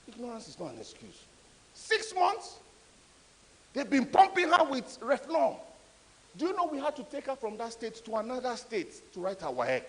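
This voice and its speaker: A man giving a conference talk, an animated, emphatic storyteller. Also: very high voice, moderate pace. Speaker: conference speaker. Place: conference hall. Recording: echoey hall.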